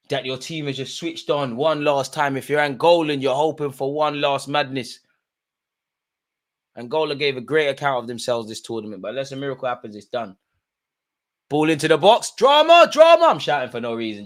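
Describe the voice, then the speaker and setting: A man hosts a live football watch-along. He talks in loose street slang and flips between low muttered asides and excited shouts. His voice sits at a middling pitch for a man.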